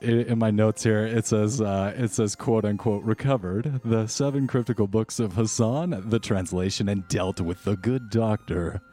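A man with a low, mellow voice narrates a tabletop game as game master. He sets scenes at a measured pace, pausing on fillers as he reads from his notes. Faint music sits in the background.

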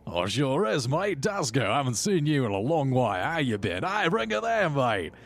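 A man's voice: medium pitch, very animated, moderate pace, pitched above the performer's own voice. A man voicing a cheerful male gnome adventurer with an Australian accent, boisterous and jovial.

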